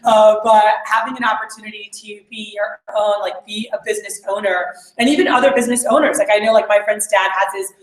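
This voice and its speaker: A woman's voice: mid-range voice, steady tone, brisk, few pauses. A woman leading a meeting, telling stories in a casual, chatty way with lots of fillers. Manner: chatty storytelling with many fillers. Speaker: sales team leader addressing a meeting. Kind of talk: casual motivational talk. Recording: echoey room.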